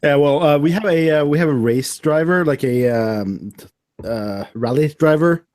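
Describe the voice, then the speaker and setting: A man's voice: a little high, normal speed, darkish tone. A man with a Norwegian accent, chatting casually and crudely joking with friends. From Norway. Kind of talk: casual chat.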